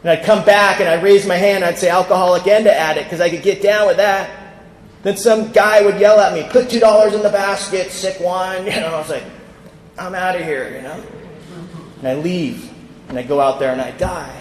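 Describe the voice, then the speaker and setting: A man from California stands before a convention crowd and tells his recovery story in a candid storytelling way, acting out the voices he quotes. His voice sits fairly high for a man. The sound carries the long reverb of a big, echoey hall. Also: brisk. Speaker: recovery speaker. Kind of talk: personal recovery talk at a convention.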